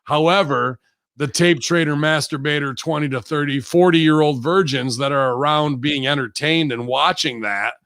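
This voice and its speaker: A man, a wrestler guest on a podcast, telling brash profane stories with loud bursts and laughs. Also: a little high, moderate pace, dry recording. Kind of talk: profane casual interview chat.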